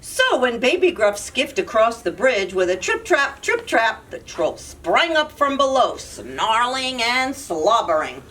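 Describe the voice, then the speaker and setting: A woman, a children's librarian, reading picture books aloud at storytime with animated delivery, recorded slightly distant with faint hiss. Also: on the high side. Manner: slow, animated read-aloud.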